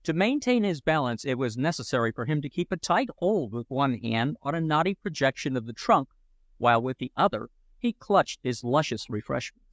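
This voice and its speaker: An audiobook narrator reads a humorous children's adventure book aloud, giving it a playful, mock-heroic storytelling flair. His medium-pitched voice swings widely in pitch at a moderate pace. The scripted narration is recorded dry.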